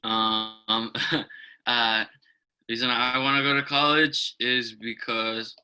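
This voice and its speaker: A young man introducing himself on a video call, hesitant and full of pauses. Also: mid-range voice, clear, resonant tone, low-quality recording. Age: young adult. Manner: hesitant, many ums, slow and flat. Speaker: incoming student.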